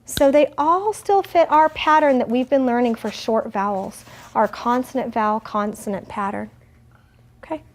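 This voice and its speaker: A woman teaching a first grade phonics lesson, asking gentle questions and stretching out words slowly. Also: on the high side. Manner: slow, exaggerated word modeling.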